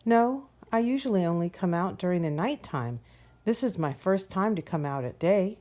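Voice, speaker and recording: A woman's voice: lowish voice, lively intonation, moderate pace, mellow, close to an everyday voice. A woman voicing a curious, shy little male moth in a storybook, asking eager questions. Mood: amazed. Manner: eager, wide-eyed questions.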